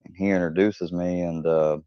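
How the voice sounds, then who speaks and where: A man with a very deep voice rambles through a profane story, cursing freely and laughing along. He sounds dry and close, with no room around him. The recording is dull and lo-fi. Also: steady tone, moderate pace, smooth, no echo. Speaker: channel host. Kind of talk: casual storytelling monologue.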